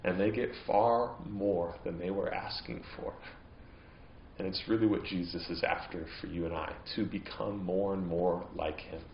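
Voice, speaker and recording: A man's voice: sits low, fairly even intonation, normal speed, gravelly, highs cut off, a little hiss or hum. Preaching man in a roomy church. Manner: earnest preaching, voice rising into emphatic, impassioned stretches. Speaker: pastor. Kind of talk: sermon.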